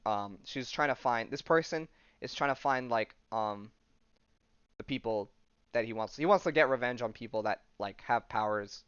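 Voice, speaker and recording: Guy rambling through a comic recap on his podcast, smooth voice, kinda dull lo-fi sound. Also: mid-range voice, moderate pace, a bit bright, dry recording. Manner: rambling, full of "like" and "um", paraphrases dialogue loosely. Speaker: podcast host. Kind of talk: casual comic-book recap.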